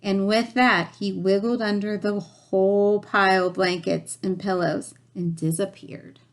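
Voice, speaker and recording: Slow storytelling woman reading to kids. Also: mid-range voice, fairly even intonation. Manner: gentle, slow storytelling to children. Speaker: children's book reader. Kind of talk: reading a picture book aloud.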